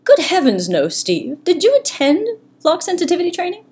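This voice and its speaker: A woman's voice: extremely high pitch, huge pitch swings, normal speed, a little mellow, voice pushed up, exaggerated voice. A woman voicing a prim, rule-bound male crow manager who speaks in a fussy, prim way.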